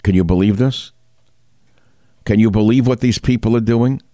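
A man's voice: fairly low pitch, normal speed, warm tone, dry recording, clean studio sound. A man hosting a talk show, delivering combative, indignant news commentary and firing rhetorical questions at the listener. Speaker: talk radio host.

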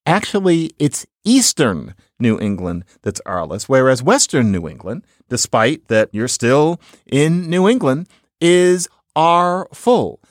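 A man's voice: on the high side, slow, dry recording, clean studio sound. A middle-aged man hosting a podcast, giving a casual lecture on speech with wry asides. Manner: chatty, wry asides, lively intonation. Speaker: podcast host, linguist. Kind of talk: casual lecture with audio clips.

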